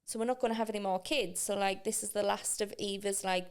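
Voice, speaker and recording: A woman's voice: mid-range voice, fairly even intonation, quick pace, clean tone. A woman, co-hosting a casual podcast chat and telling everyday stories with quoted voices. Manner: chatty storyteller acting out quoted voices. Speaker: podcast co-host.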